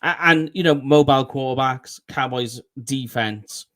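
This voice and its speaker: A man co-hosting a sports podcast in easygoing casual chat, agreeable and a little halting. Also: mid-range voice, fairly bright tone. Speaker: podcast co-host.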